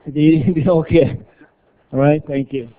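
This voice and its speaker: A man leads a seminar at an unhurried pace, voice pitched a little high. He drills sounds over and over and keeps checking that the room is following. The sound is thin and tinny, like a phone line. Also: steady tone, very noisy. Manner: drills pronunciation, checks in with "yeah?" and "okay?". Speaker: workshop presenter. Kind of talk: live seminar teaching.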